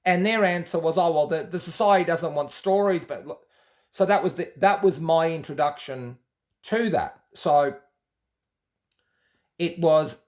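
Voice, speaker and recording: Rambling man telling a personal story. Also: on the high side. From Australia. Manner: rambling, with frequent restarts and quoted dialogue. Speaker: former Jehovah's Witness telling his story. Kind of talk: casual storytelling monologue.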